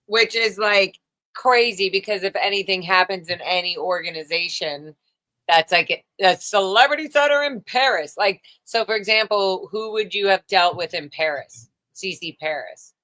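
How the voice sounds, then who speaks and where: A woman's voice: medium pitch, moderate pace, bright, forceful tone. A woman hosting a casual chat, asking curious questions in a chatty way and swearing now and then. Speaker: podcast host.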